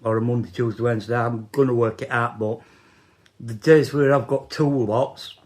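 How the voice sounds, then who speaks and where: A man, talking casually in a personal vlog, halting and repeating words as he goes. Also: medium pitch, steady tone. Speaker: vlogger.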